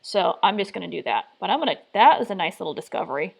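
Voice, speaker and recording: A woman's voice: mid-range voice, big pitch swings, fast, gravelly. Woman thinking aloud on a live stream. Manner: muttering, trial-and-error self-talk.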